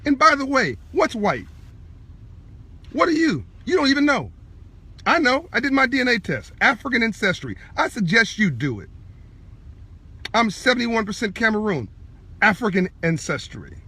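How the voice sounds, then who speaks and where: In an impassioned live-video monologue, a man with a very high-pitched, husky voice addresses online viewers directly. He's fervent and preachy, hammering points through repetition, all while insisting he is calm and measured.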